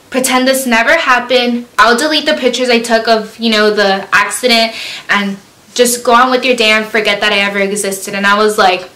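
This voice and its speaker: A woman's voice: on the high side, pushed and bright. A young woman vlogger telling a storytime in a chatty way, full of fillers, acting out her own panicked quotes. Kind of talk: storytime vlog. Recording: echoey room.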